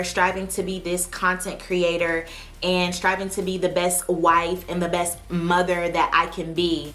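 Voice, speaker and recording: A woman's voice: on the low side, fairly bright tone. A woman vlogger chatting to camera from her desk in a spontaneous, heartfelt way. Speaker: vlogger and aspiring actress. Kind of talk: casual chat to camera.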